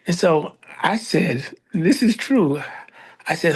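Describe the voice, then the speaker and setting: A middle-aged American man telling a story in a casual interview, animated, acting out other people in a raised voice. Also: sits high, takes it slowly, long pauses, breathy edge. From United States. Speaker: librarian, interview guest.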